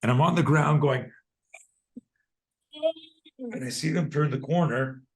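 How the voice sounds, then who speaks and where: A man in his sixties, a guest on a video call, telling a personal story in a lively way and swearing freely. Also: a little high, unhurried. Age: 60s. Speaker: guest, self-defense expert.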